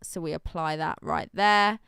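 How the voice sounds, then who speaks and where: A woman's voice: sits low, measured pace, vocal fry, fairly bright tone, smooth, dry recording, clean studio sound. A woman with an English accent hosting a casual livestream, chatty and giggly as she explains the steps on screen. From England. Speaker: host.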